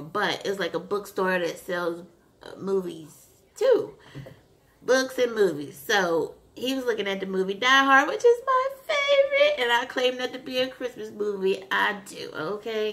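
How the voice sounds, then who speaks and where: A woman vlogger casually recapping a TV episode, retelling scenes in an animated way with lots of fillers. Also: mid-range voice. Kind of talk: casual chat.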